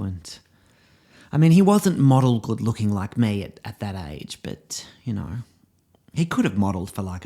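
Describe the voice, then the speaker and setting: A man's voice: lowish voice, a little mellow. A man playing a pompous drama teacher, rambling with fillers in a comedy monologue. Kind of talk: comedy podcast character monologue.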